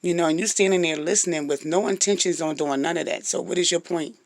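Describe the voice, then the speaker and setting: A middle-aged woman with a gravelly morning voice, giving frank relationship advice to her viewers and sometimes tripping over her words. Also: on the low side, fast, no echo, clean studio sound. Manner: stumbles over words now and then; frank and direct. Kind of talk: casual advice talk to viewers.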